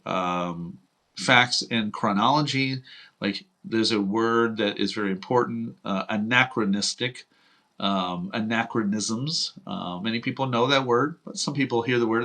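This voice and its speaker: A man's voice: lowish voice, bright, forceful tone. A man from Houston hosting political commentary, talking in a blunt, profane, heated rant. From United States (Houston). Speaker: host.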